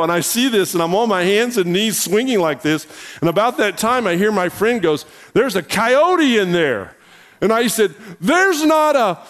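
A middle-aged man, a pastor, preaching a sermon and telling a hunting story in a folksy, animated way that rises in pitch and volume when he gets excited. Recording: reverberant hall.

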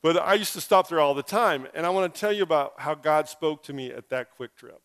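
A man's voice: a little high, brisk, a bit bright, smooth. A male pastor preaching a sermon through a personal story, with humorous, self-deprecating asides.

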